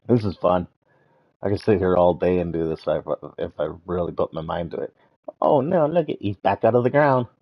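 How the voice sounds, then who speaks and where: A man's voice: on the low side, sing-song, moderate pace. A man from Canada streaming a game, playfully chatting, humming and taunting to himself. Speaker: live streamer. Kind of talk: casual gameplay commentary. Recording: dull lo-fi sound.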